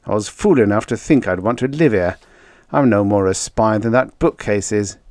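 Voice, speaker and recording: Male narrator as a defiant one-armed ex-cop, firm and low, dry audiobook sound. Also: expressive, moderate pace, a little mellow, dry recording, close to an everyday voice. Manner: defiant, then strained. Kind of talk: audiobook character voice.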